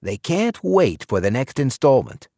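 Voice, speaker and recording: A man voicing a shrunken elderly lawyer in an audiobook, proud and smooth-talking. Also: mid-range voice, very animated, a little slow, warm tone, no echo, pitched above the performer's own voice. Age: older.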